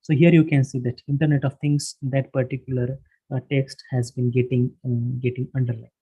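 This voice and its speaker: A workshop instructor leads an online screen-share tutorial from his own room, explaining each step haltingly with frequent pauses, fillers and restarts. His middle-pitched voice is mellow and a little husky, with little pitch movement, and the sound is lo-fi.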